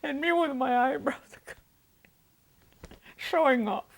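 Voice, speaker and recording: An elderly woman recounting memories of her youth in an oral history interview, animated and often laughing. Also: high voice, takes it slowly, creaky. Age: older. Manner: animated, laughs often while telling stories. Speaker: interviewee recalling her life.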